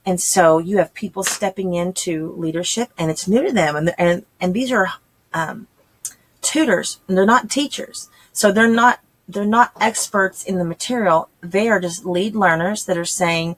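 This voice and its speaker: A woman's voice: on the low side, moderate pace. A woman, talking casually and chattily to homeschooling parents, acting out quoted voices as she explains. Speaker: homeschool channel host.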